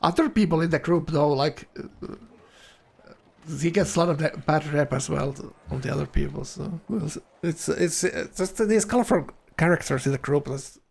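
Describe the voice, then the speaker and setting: A man's voice: a little high, normal speed, vocal fry, husky. A man from Finland, casually commentating a strategy game, chatty and laughing often.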